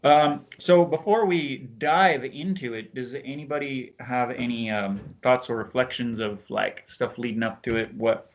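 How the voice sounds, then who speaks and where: A man's voice: mid-range voice, a little slow, hardly any pauses, lo-fi sound. Rambling man hosting a casual podcast. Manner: rambling, self-correcting, laughs often. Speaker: podcast host. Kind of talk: casual chat and reading a written narrative.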